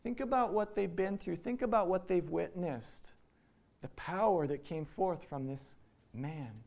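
A man's voice: high-pitched, measured pace, gravelly, darkish tone. A man from Iowa preaching a sermon in a conversational way, acting out the quoted lines. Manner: conversational, acts out quotes in voices. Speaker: pastor.

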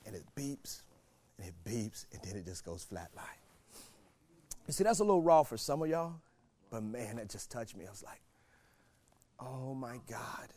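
A male pastor preaching a sermon, moving from quiet storytelling to shouted exhortation and repeating phrases for emphasis. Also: lowish voice, sing-song, moderate pace, pauses often. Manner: repeats phrases for emphasis, laughs between points.

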